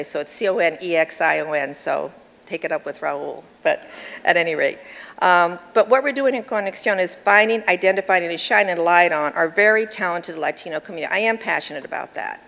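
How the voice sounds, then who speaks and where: A woman's voice: on the low side, a bit bright. A middle-aged woman giving an award acceptance speech in a personal, chatty way, with laughs between her remarks. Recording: long hall reverb with crowd behind.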